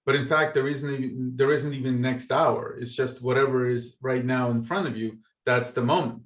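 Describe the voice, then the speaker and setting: Calm podcast guy agreeing and reflecting, kinda echoey room. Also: mid-range voice, normal speed. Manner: agreeable, reflective, adds brief affirmations. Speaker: podcast co-host. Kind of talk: casual chat.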